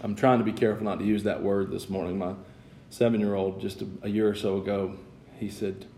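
A man's voice: on the low side, little pitch movement, brisk, mellow, slight background noise. A man in his thirties preaching a sermon in a church sanctuary, chatty with joking asides, building to emphatic passages. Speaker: pastor. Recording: echoey church room.

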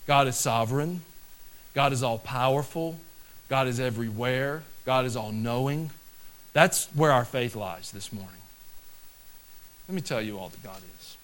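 A male pastor delivering a sermon, shifting from easy conversational talk to loud, slow, emphatic declarations. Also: medium pitch, low-quality recording.

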